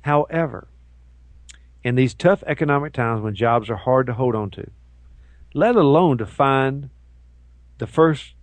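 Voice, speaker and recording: A man co-hosting a casual talk show, ranting in an animated way and mocking people with put-on voices. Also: medium pitch, measured pace, pauses often, dry recording. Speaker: co-host. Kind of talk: casual chat show banter.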